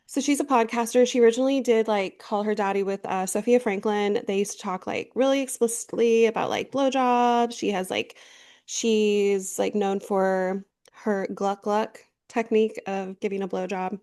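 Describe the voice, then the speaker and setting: A woman's voice: medium pitch, fairly even intonation, moderate pace, a little mellow. A woman co-hosting a podcast in casual chat, rambling with lots of fillers and swearing freely. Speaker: podcast co-host.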